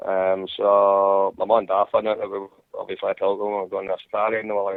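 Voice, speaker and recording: A man's voice: fairly low pitch, completely flat delivery, fast, no room sound. A Scottish man chatting casually and profanely, rambling with many restarts, as a podcast host. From Scotland. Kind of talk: casual chat over a call. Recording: tinny phone-line sound.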